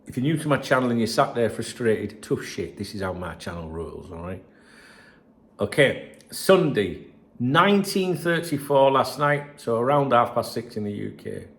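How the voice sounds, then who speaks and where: Sweary chatty football host, gravelly. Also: male voice, medium pitch, animated, normal speed, a bit bright. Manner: chatty, sweary, rambling asides to viewers. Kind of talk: casual solo commentary reading messages.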